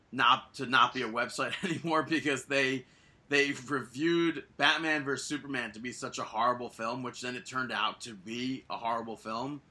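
A man's voice: medium pitch, sharp tone. A man co-hosting a podcast in casual chat, rambling and correcting himself as he goes. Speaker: podcast co-host.

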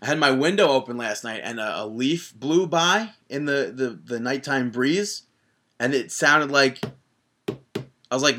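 A man's voice: medium pitch, a little slow, pushed and bright. A man hosting a podcast in casual chat, jokey and often breaking off to restart his sentences. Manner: jokey, self-interrupting. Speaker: podcast host.

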